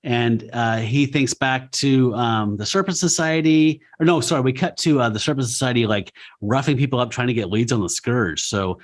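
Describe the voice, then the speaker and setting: A man in his forties co-hosts a casual podcast chat about comics. He talks at an even, middling pitch, swears freely and laughs easily as he recaps. He often jumps into little impressions of the characters he describes. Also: moderate pace, hardly any pauses. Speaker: podcast co-host.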